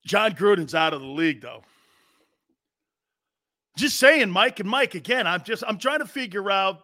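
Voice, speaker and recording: A man's voice: high-pitched, animated, normal speed, sharp tone, no room sound, clean studio sound. A man hosting a live sports talk show, ranting in a blunt, profane, repetitive and heated way.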